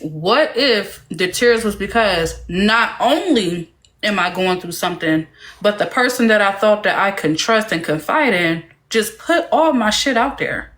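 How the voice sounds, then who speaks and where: A woman's voice: mid-range voice, animated, unhurried, fairly bright tone. A woman on a live-stream panel, earnestly defending someone and explaining her feelings.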